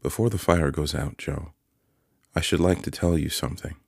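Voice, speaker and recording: A man voicing a troubled young boy in an audiobook, quiet and downcast, close to his own reading voice. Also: very deep voice, moderate pace, creaky, slightly rough, no echo, full character voice.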